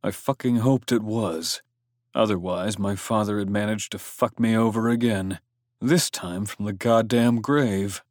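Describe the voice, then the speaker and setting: A man's voice: on the low side, a little slow, no echo, studio quality. A man reading a first-person story aloud in a brooding, intense manner, with coarse swearing. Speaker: audiobook narrator. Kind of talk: scripted first-person narration.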